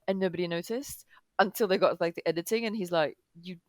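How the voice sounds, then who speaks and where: A woman's voice: on the low side, quick pace, no room sound. A woman co-hosting a podcast, talking casually and rambling with many fillers. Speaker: podcast co-host. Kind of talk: casual chat.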